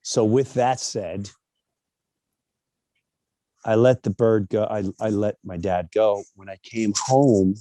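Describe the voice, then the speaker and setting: A middle-aged man telling personal stories as an interview guest, animated and acting out other people's voices with big jumps in pitch. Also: slow, pauses often, no room sound.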